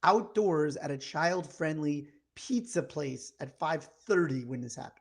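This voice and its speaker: A man in his thirties co-hosting a podcast in casual chat, telling a story in a lively way and acting out the lines of the people in it. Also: fairly high pitch, a little slow, gravelly, breathy edge. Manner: animated storyteller acting out quoted exchanges. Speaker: podcast co-host.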